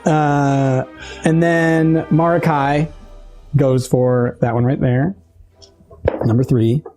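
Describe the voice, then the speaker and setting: A man running a tabletop game as game master, laughing often and jumping into excited character squeals. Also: mid-range voice, slow pace, soft background music.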